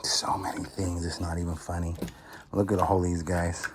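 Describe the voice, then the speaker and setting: A middle-aged man hosting a casual unboxing vlog, chatty and eager with viewers, sometimes dropping into an amazed hushed whisper. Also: sits low, little pitch movement, moderate pace, noisy background. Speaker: storage auction reseller and channel host.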